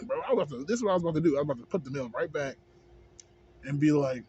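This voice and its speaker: A man's voice: a little high, animated, rapid-fire, crowd noise. A man in a casual, rambling rant, heavy on swearing and on "you know what I'm saying". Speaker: vlogger. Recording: dull lo-fi with faint background noise.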